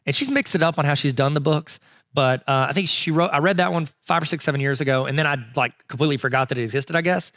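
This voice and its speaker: Male podcast co-host, slightly high voice, rambling and self-deprecating, on a dry close mic. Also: quick pace, fairly bright tone, no echo. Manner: rambling and self-mocking, with frequent fillers and laughs. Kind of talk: casual chat.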